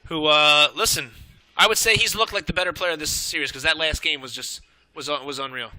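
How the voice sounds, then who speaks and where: A young man commentating a strategy game match, excitable and out of breath, swearing and rambling as he calls the play. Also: on the high side, fast talker, no room sound.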